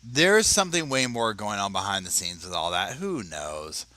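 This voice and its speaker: Casual male commentary host, lowish voice, animated and chatty. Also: normal speed, dry recording. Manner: animated, chatty, stammering restarts. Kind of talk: casual reaction commentary reading an article. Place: home, at his computer.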